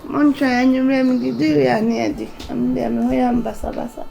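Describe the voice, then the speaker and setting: A woman playing a high, gravelly mother. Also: little pitch movement, brisk, dark tone, highs cut off, slight background noise. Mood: pleading. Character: worried middle-aged mother arguing with grown daughters. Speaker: mother in a family skit.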